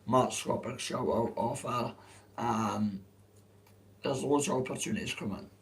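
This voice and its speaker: A hoarse adult man with a Dundee Scottish accent, chatting on a livestream in a rambling, sweary way. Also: medium pitch, unhurried, low-quality recording. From Dundee, Scotland. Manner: swears freely, restarts often. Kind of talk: rambling casual livestream chat.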